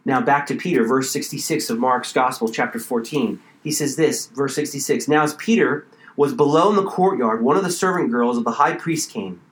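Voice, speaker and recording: A man preaching a sermon, emphatic, with dramatic pauses and repeated phrases. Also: medium pitch, a bit bright, echoey room, poor audio. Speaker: pastor.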